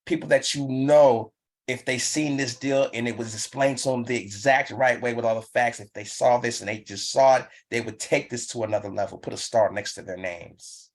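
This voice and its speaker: A man's voice: medium pitch, moderate pace. A man leading a live online business training, urging listeners on with emphatic, repetitive coaching. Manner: pumped-up, urging.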